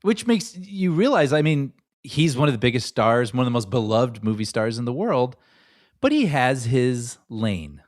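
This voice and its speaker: Man, movie podcast co-host, casual chat, lively pitch, easy laughs. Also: moderate pace, no echo, clean studio sound. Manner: expressive, laughs easily, agreeable.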